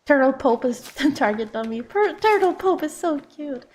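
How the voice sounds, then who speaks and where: A woman's voice: sits high, animated, moderate pace, darkish tone. A woman game streamer chatting casually as she plays, reading out and answering viewer messages. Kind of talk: casual live-stream chat while playing.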